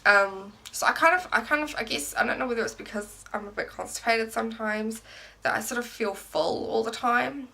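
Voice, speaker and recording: A woman's voice: on the high side, fairly quick, vocal fry, bright, forceful tone. A young woman talking casually to camera about her pregnancy, rambling with many "um"s and "like"s. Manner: rambling, many ums and likes. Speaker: pregnancy vlogger. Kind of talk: casual pregnancy update vlog.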